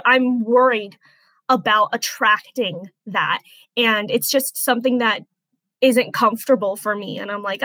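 A woman in her twenties, an interview guest, recounting a personal experience in an earnest, halting way that turns softly emotional. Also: fairly high pitch, no echo, poor audio. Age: 20s.

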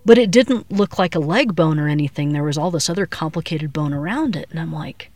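A middle-aged woman from Colorado recounting her past as an interviewee, a lively storyteller who acts out the voices she quotes. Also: low-pitched, fairly quick, a little hiss or hum.

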